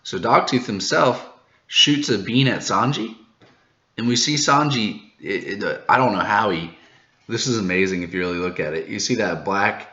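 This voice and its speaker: A man hosting a manga reaction video, recapping the chapter in a casual, excited way, laughing often and tripping over his words when he gets hyped. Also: lowish voice, moderate pace, reverberant, highs cut off. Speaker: manga reaction channel host.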